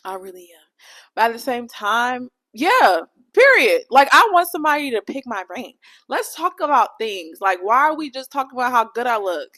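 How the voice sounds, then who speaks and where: A woman's voice: a little high, sing-song, moderate pace, bright, forceful tone. A young adult woman hosting her own podcast, chatting alone in a candid, playful, profane way that rambles from point to point. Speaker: podcast host. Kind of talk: casual solo podcast chat.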